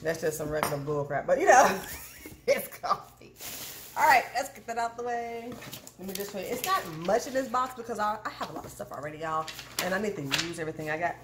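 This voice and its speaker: A woman chatting casually to her viewers while unboxing in her home kitchen, animated and calling them "y'all". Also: medium pitch, fast. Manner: animated, addresses viewers as "y'all", frequent "okay?". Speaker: cooking channel vlogger. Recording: echoey kitchen with clear background noise.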